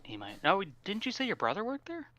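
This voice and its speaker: A man co-hosting a podcast, chatting casually and teasing his host with quick jokes. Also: high voice, wildly swooping pitch, pushed and bright. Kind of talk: casual chat.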